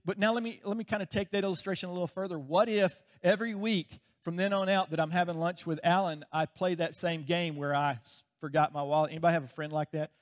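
Man, pastor, preaching, conversational, fairly high voice, chuckles a lot. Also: fairly even intonation, fast, few pauses. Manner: conversational, chuckles often, acts out anecdotes. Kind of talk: sermon.

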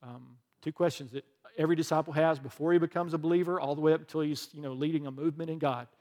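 A man's voice: on the high side, fairly even intonation, fast talker, a little mellow, long reverb tail. A middle-aged male pastor preaching a conversational sermon, telling a personal story and leading a closing prayer.

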